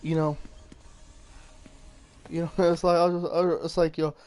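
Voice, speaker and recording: A man's voice: fairly high pitch, flat delivery, measured pace, a little mellow. A man doing casual gaming commentary, rambling and swearing while he reads his chat. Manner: rambling, swearing, many restarts. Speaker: gaming streamer.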